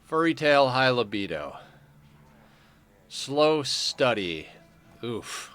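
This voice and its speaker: Bright-voiced man streaming a game. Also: medium pitch, very animated, extremely slow. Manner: rambling, loose and chatty, swears now and then. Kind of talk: casual let's-play commentary.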